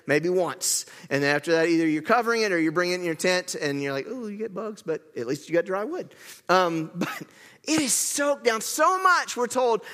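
A man delivers a lively sermon with a fairly high voice, telling the story in a playful, conversational way. He keeps turning to the crowd with questions. His voice rings out with a long reverb in a large hall. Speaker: preacher.

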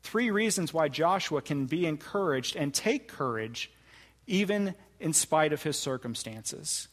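Male pastor, sermon, fairly high voice, deliberate emphatic delivery, long hall reverb. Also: animated. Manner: deliberate, emphatic preaching with slow stressed phrases.

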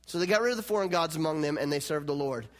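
A man with a high voice preaches a sermon, talking loosely and laughing as he goes. When he voices God's words he builds in intensity. A long reverb hangs on his voice, as in a church hall. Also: very fast. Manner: conversational, laughs often, plays out God's lines with rising intensity.

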